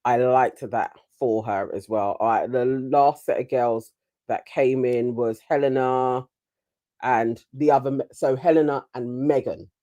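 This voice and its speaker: A woman's voice: a bass voice, fairly even intonation, unhurried, dark tone. A woman co-hosting a casual chat, chatty and giggly, laughing often. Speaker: co-host reviewing a reality show.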